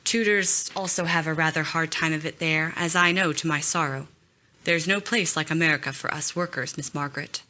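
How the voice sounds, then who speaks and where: A woman voicing a kind, earnest young male tutor in an audiobook, speaking gently. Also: low voice, fairly even intonation, moderate pace.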